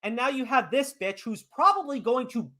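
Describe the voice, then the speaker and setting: A man on a podcast, ranting hard and swearing often. His pitch swings widely from line to line, and his voice has a bright, forceful edge. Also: lively intonation, normal speed. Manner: profane, heated and emphatic. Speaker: podcast host. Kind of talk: ranting commentary.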